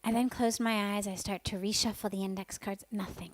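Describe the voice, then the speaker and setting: A woman's voice: medium pitch, steady tone, fairly quick, few pauses, no echo. Candid woman storyteller, dry close sound. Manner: candid and vivid, dropping to a whisper for inner thoughts. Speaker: spiritual teacher. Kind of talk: personal storytelling talk.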